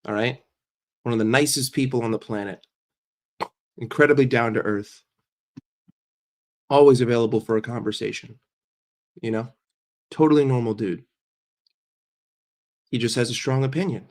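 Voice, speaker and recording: A man's voice: medium pitch, steady tone, moderate pace, pauses often. A man hosting a casual livestream while sick and congested, chatting with viewers, greeting them by name and often repeating himself. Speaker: livestream host.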